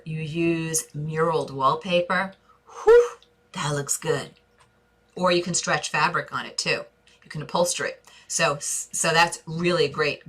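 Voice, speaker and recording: A woman with a New York accent chats her way through viewer questions on a live stream. Her voice sits a little low but sounds bright and forward. She gushes at her audience and restarts her sentences as she thinks aloud. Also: slightly rough. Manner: chatty and effusive, calls viewers babe and divas, thinks aloud with restarts. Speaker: interior design host answering viewer questions.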